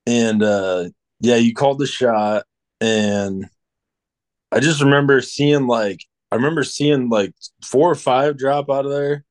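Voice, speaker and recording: A man's voice: medium pitch, a little slow. Man, hunting buddy, rambling casual storyteller, mid-range voice. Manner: rambling, full of "like" and restarts.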